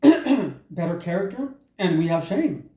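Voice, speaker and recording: A man in his forties doing a crude stand-up monologue in a deadpan, halting way full of ums and uhs. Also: sits high. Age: 40s. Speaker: comedian. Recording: echoey room.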